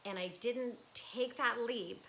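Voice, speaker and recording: With a fairly high, slightly bright voice that shows vocal fry, a woman in her fifties speaks slowly in a casual livestream from her art studio. The artist gets emotional, laughs, and restarts her thoughts, and the low-quality recording has a bit of hiss or hum.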